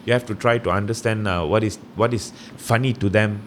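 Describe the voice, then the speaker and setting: Rambling Malaysian English man, animated. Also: on the low side, fairly quick, a little hiss or hum. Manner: rambling, animated storytelling with many fillers. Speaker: stand-up comedian guest. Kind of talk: casual interview chat.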